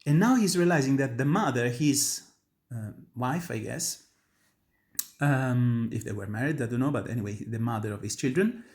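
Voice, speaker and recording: With medium pitch, lively intonation, a moderate pace, and a slightly mellow tone, an Italian man teaches students about an opera aria. A native Italian with an Italian accent, he is an opera tenor and voice teacher, earnest and emphatic, who often restarts sentences in his instructional singing talk.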